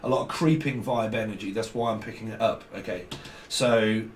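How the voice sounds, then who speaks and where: A man's voice: lowish voice, fairly even intonation, fairly quick, distant mic. A man giving a casual tarot reading to camera. He talks bluntly, swears freely and repeats his phrases. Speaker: tarot reader. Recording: roomy, off-mic, faint background noise.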